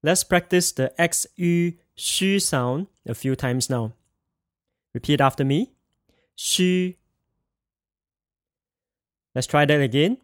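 In clean studio sound, a man with a slightly high, unhurried voice teaches pinyin pronunciation. As a language teacher, he speaks with care and repeats each sound so students can echo it.

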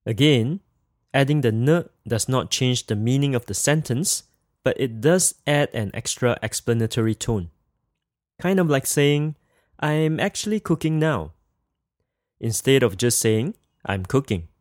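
A man's voice: mid-range voice, unhurried, dry recording, clean studio sound. A man teaching a language lesson in a careful scripted manner, saying each example phrase twice for practice.

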